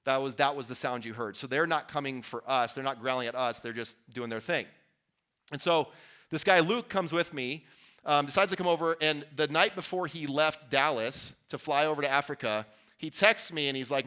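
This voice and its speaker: A man's voice: medium pitch, a little fast, sharp tone, clean tone. A man giving an earnest, conversational motivational talk to a live audience as a workshop speaker, with restarts and asides to the crowd. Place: event venue before an audience.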